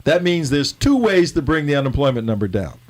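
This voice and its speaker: A man's voice: on the high side, big pitch swings, fairly quick. A man playing a confused comedian in a double-act sketch, firing bewildered questions. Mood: baffled. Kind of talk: reading a comedy sketch script.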